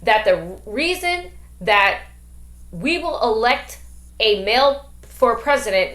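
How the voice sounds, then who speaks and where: Outspoken grandma on a podcast, kinda high voice, roomy echo. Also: female voice, animated, slow pace, a bit bright. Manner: outspoken, emphatic, rhetorical questions. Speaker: podcast host. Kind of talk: casual discussion. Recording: echoey room.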